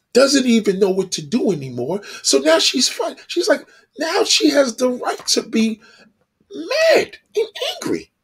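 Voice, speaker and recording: Man commentator, ranting and emphatic, husky and animated. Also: high voice. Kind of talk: heated opinion monologue.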